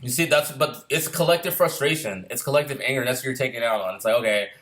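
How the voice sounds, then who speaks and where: A man's voice: mid-range voice, fast talker, a bit bright. A man on a heated, profane casual rant, firing off rhetorical questions. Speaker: filmmaker sharing opinions. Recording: roomy echo.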